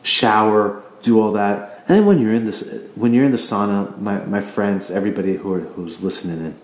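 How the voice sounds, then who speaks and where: A man's voice: lowish voice, normal speed. A man hosting a casual solo podcast, ranting in a rambling, profane way and stumbling over repeated words. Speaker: podcast host. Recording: echoey room.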